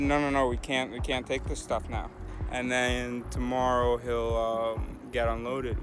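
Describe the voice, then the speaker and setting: A man talking casually to camera as a hitchhiking vlogger, rambling and thinking aloud with many pauses. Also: mid-range voice. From United States. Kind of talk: casual vlog talk to camera.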